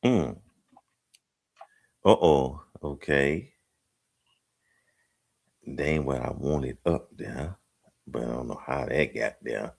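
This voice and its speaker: A man's voice: rumbling low, slow, vocal fry, pauses often, darkish tone, breathy edge. A middle-aged man hosting a casual group discussion, hesitant and self-mocking, joking his way through the topic. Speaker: talk show host.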